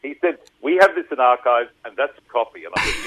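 A man in his fifties with an Australian accent, a radio guest who tells stories in an animated way. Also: medium pitch, a little fast, slight background noise, poor audio. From Rockhampton, Queensland, Australia. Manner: animated storyteller. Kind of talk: casual radio interview.

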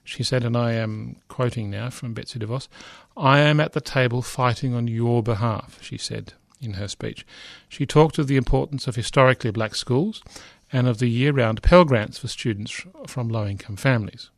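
A man's voice: mid-range voice, normal speed, gravelly, few pauses, no room sound, studio quality. A middle-aged man lecturing, reading a news report aloud with frequent asides, fillers and restarts.

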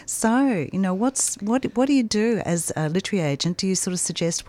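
A woman's voice: medium pitch, lively intonation, fairly quick, few pauses, warm tone, dry recording. A woman hosting a radio fundraiser and asking a guest questions. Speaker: radio host.

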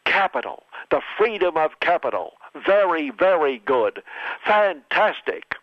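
A man's voice: fairly high pitch, very animated, a little slow, dry recording, lo-fi sound, voice pushed up. Man doing a bragging blustering old politician. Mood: boastful. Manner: repetitive, bragging superlatives. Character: boastful blustering older male politician.

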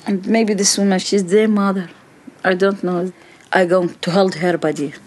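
A middle-aged woman giving personal testimony, speaking slow, halting non-native English in short phrases. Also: medium pitch, fairly even intonation, darkish tone, husky.

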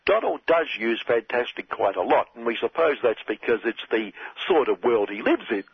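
A man's voice: medium pitch, very animated, normal speed, few pauses, breathy edge, no echo. An Australian man delivering a sardonic satirical monologue with mock-earnest irony. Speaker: satirical commentator. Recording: dull lo-fi dry recording.

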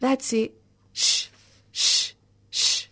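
A woman playing a bossy man hushing someone. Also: extremely slow. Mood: scolding. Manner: scolding, repeated hushing commands. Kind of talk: spoken word poetry performance.

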